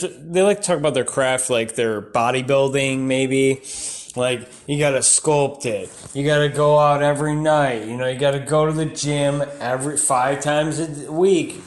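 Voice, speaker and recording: A man doing stand-up comedy, rambling from bit to bit and breaking into shouty rants. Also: medium pitch, measured pace.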